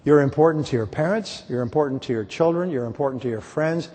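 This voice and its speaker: A man's voice: on the high side, fast, dark tone, slightly rough. A middle-aged man giving a motivational conference speech, emphatic and repetitive, with joking stories. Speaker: motivational speaker. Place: large conference hall. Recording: reverberant hall, from far off.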